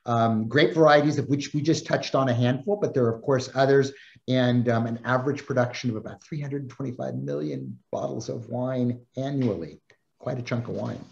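A man's voice: medium pitch, moderate pace, gravelly, darkish tone, dull audio. Chatty man presenting a wine webinar. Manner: chatty, jokey, with self-deprecating asides. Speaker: master sommelier, webinar co-presenter. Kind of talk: casual seminar presenting over video call.

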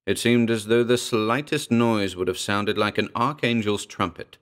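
A man giving a measured, grave, scripted narration of a horror story. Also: on the low side, fairly even intonation. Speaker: audiobook narrator.

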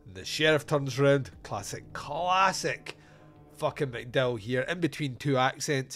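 Brief: male podcast host, mid-pitch, chatty and profane. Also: expressive, measured pace, a bit bright, faint music behind. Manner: profane, joking, enthusiastic. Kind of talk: casual film review chat.

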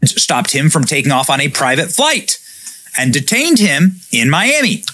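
A man with a somewhat high voice hosts a casual news commentary. His pitch swings widely as he reads out reports and reacts. The sound is dry and close. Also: moderate pace, dry recording. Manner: animated, reading out reports with reactions. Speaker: host.

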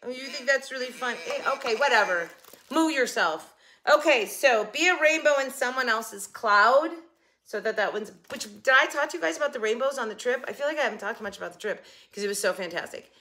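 Older woman vlogger, bright tone, chatty and giggly, casual to-camera talk. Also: on the high side, lively intonation, fast talker. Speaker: haul vlogger. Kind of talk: casual haul chat to camera.

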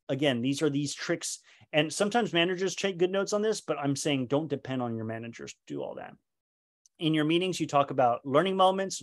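A man giving a professional training lecture in an earnest, conversational way, acting out dialogue between employees and managers. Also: a little high. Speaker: leadership trainer.

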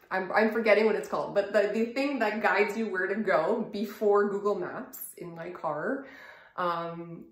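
A woman's voice: lowish voice, roomy sound. A woman vlogger giving wellness tips in a chatty, self-deprecating way. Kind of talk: casual vlog.

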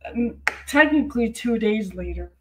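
A woman's voice: on the high side, expressive, normal speed, crowd noise, rough recording. A woman with a Boston accent hosting a casual live cooking stream, swearing and laughing through banter. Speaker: stream host.

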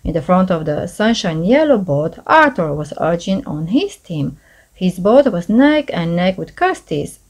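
A woman reading a children's storybook aloud, expressive and animated. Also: on the low side, a little slow.

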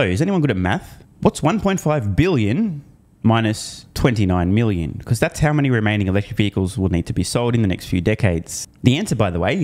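A man's voice: mid-range voice, a little mellow. A man hosting an investing commentary video, sarcastic and emphatic, swearing at forecasters as he reads through a report. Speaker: host.

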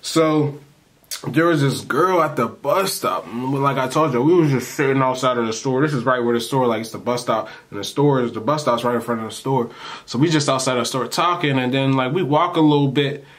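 A man's voice: medium pitch, fairly quick. A man telling a story casually to camera for his vlog, in a loose, slangy, rambling way that keeps breaking into laughs. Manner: animated, acts out the people he quotes. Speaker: storytime vlogger.

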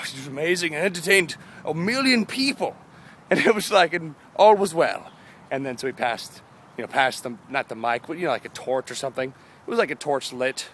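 A man's voice: mid-range voice, fairly bright tone, a little hiss or hum. A tired young man in his twenties rambling goofily through a daily vlog outdoors, holding the camera himself. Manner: goofy, rambling, jumps between silly voices and mumbles. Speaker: vlogger.

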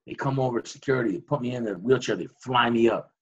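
A man, a guest on an interview show, recounting a dramatic personal story with vivid, animated reenactments. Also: mid-range voice, quick pace, creaky, hardly any pauses, slightly rough, muffled recording.

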